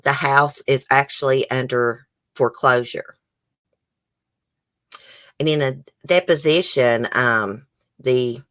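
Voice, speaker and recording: Low-voiced woman chatting on stream. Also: a bit bright. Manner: chatty, reads viewer comments aloud. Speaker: YouTube host. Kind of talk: casual live-stream chat.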